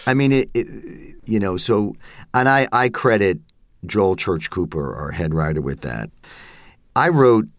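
A man doing a booming 1970s ballgame announcer. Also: big pitch swings, a little slow, no echo, clean studio sound. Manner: smooth, booming broadcaster delivery. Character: generic 1970s male baseball announcer. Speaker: guest. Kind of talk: interview answers in a put-on voice.

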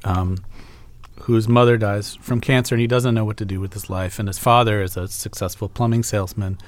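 A man interviewing an author in a conversational way, laughing easily and later reading a passage aloud. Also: lowish voice. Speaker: radio interviewer.

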